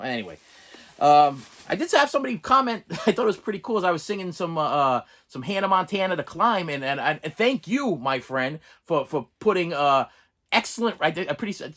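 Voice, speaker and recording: A middle-aged man rambles through a casual review, his pitch leaping up and down. He is jokey and animated, with a slightly high voice, and he stumbles over restarts as he goes. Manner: jokey, breaks into off-key singing and impressions. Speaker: movie collection reviewer.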